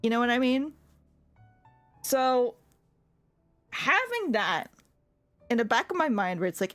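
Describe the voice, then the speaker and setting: A young woman tells a work story in an animated, chatty way, and her voice sits a little high. She laughs often, swears when annoyed and leans on "like" as she talks. Soft music plays faintly behind her. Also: unhurried, pauses often. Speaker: streamer. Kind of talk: casual storytelling chat.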